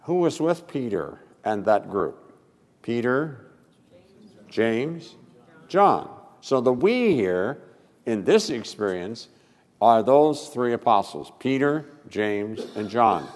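A male pastor preaching a sermon with expressive delivery and sudden loud emphasis. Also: mid-range voice, takes it slowly, in a large hall.

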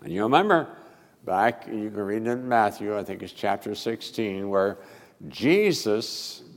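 A male pastor preaching a sermon with expressive delivery and sudden loud emphasis. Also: lowish voice, measured pace, long reverb tail.

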